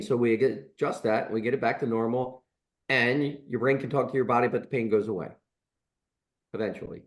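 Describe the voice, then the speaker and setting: A man's voice: mid-range voice, steady tone, brisk. Rambling chiropractor in his sixties. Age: 60s. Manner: rambling, many fillers and restarts, chuckling storyteller. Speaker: chiropractor and podcast co-host. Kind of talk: casual storytelling chat.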